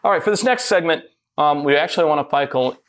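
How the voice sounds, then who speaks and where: A man's voice: a little high, expressive, quick pace, fairly bright tone. A man from Detroit hosting a podcast, chatting casually and joking with his panel. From Detroit, USA. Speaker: podcast host.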